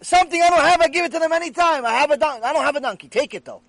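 A man's voice: mid-range voice, big pitch swings, rapid-fire, husky, no echo, voice pushed down. A man playing a stubborn poor man who refuses to give up his chicken, talking insistently. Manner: insistent, emphatic.

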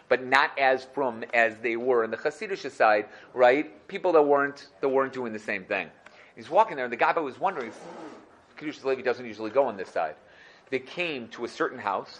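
A man teaching a Torah class, telling a story in a lively way and repeating phrases for emphasis. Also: medium pitch.

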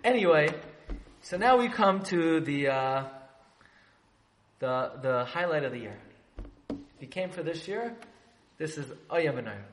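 Animated man teaching in an echoey room. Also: on the high side, a little slow, pauses often. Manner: animated, joking asides with the audience. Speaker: religious teacher. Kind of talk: storytelling class. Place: room with a live audience. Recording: echoey room, faint background noise.

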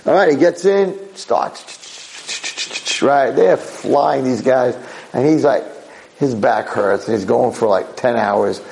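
Gravelly guy preaching, telling a story all animated, middle pitch. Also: unhurried, rough recording. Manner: animated, acts out voices. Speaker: Torah lecturer. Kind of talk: sermon storytelling.

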